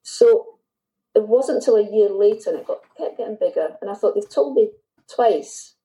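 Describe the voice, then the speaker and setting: A woman's voice: mid-range voice, fairly quick, dark tone, low-quality recording. A middle-aged woman telling a personal story to a host in candid, heartfelt speech that halts and restarts now and then. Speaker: guest.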